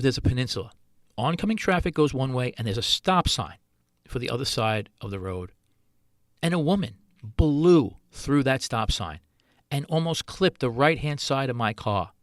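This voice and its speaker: A man's voice: mid-range voice, a bit bright, no echo, studio quality. A middle-aged man, a chef hosting his own podcast, talking earnestly in a solo monologue full of rhetorical questions.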